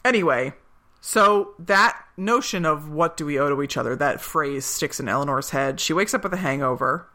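A woman's voice: low-pitched, animated, moderate pace, bright, forceful tone. A woman co-hosting a podcast, chatting casually and retelling scenes with quoted lines. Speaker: podcast co-host. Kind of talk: casual recap chat.

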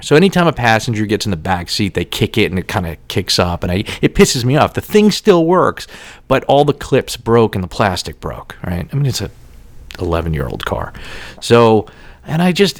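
A man telling casual, profane stories with lots of laughter in an animated, swearing manner. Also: lowish voice, no echo.

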